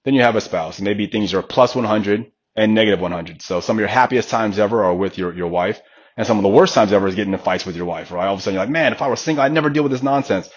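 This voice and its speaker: A man's voice: fairly low pitch, quick pace, highs cut off. A man in his thirties, a fitness coach, talking in a casual podcast conversation and acting out the voices of the people he quotes. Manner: animated storyteller, acts out quoted voices.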